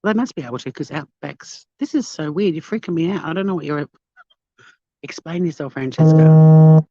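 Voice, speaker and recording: A woman's voice: sits low, expressive, fairly quick, darkish tone, breathy edge, no echo. An Australian woman chatting casually to her live-stream viewers at a beachside cafe, bubbly and talkative. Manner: chatty, bubbly, talks to chat while walking. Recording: dull lo-fi phone audio.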